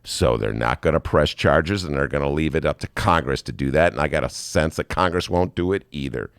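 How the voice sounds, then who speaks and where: A man's voice: rumbling low, expressive, fairly quick, fairly bright tone, no room sound, clean studio sound. A man hosting a talk show, riffing sarcastically on the news and reading quotes aloud. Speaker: host. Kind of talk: comedic political monologue.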